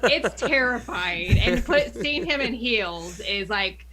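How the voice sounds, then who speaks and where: A woman's voice: a little high, expressive, crowd noise. A woman with a faint Southern US accent, a podcast guest who chats casually and laughs easily. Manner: upbeat, quick to laugh, chimes in with short agreements. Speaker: podcast guest, charity streamer.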